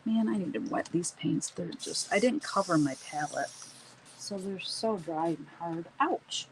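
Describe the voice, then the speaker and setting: A woman's voice: fairly low pitch, lively intonation, moderate pace, slight background noise, poor audio. A middle-aged woman hosting a live stream, chatting casually and laughing often while she paints and reads the chat.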